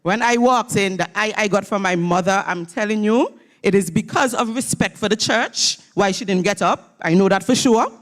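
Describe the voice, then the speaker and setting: A woman's voice: medium pitch, normal speed. A woman giving a motivational graduation address in a church. She speaks emphatically and leads call-and-response with her audience. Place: church hall at a graduation ceremony.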